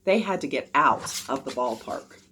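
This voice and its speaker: A woman reading a children's chapter book aloud with expressive narration. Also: very deep voice, normal speed, slight background noise.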